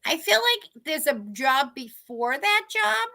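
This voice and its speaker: A high, gravelly, pushed and bright voice belongs to a Boston-accented psychic medium speaking slowly and very animatedly on a video call microphone. Hosting live-streamed chat and readings, she rambles in a chatty way and keeps cutting her own sentences short.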